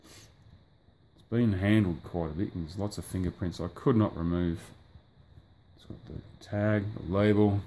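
A man's voice: deep voice, steady tone, measured pace, warm tone, a little hiss or hum. A man casually reviewing a collectible figure, rambling offhand with fillers and the odd curse, filmed indoors by a sunny window. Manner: rambling, offhand, swears at the sunlight.

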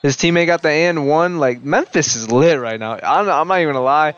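A young man commenting casually on basketball highlights, hyped and profane, talking straight to the players on screen. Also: fairly quick, smooth, lo-fi sound. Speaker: YouTube highlight reactor.

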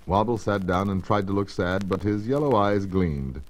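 A man narrating children's stories on a storybook record, in an expressive, measured storytelling manner. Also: low-pitched, low-quality recording.

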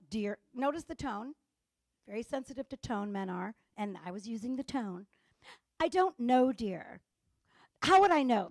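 A middle-aged woman gives a conference lecture with a high, bright-sounding voice. She plays out bits of dialogue with comic timing, and her sound is dry and close. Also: no room sound. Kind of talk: conference talk. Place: conference stage.

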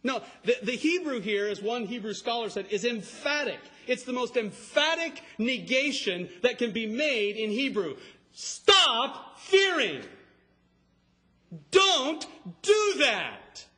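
A man preaching an expository sermon, emphatic and rising to a shout on key words. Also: extremely high pitch, expressive, moderate pace, few pauses. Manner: expository, explains scripture line by line. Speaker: pastor.

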